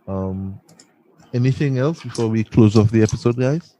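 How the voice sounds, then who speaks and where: A man's voice: mid-range voice, normal speed, warm tone, dry recording, rough recording. A man co-hosting a podcast in casual chat, laid-back with many fillers. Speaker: podcast co-host.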